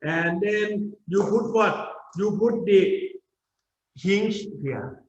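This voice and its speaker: Slow, methodical male lecturer in a roomy space. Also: sits high, a little hiss or hum. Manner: explains step by step, often checking with "okay?". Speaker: university lecturer. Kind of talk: university lecture. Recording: roomy, dull lecture recording.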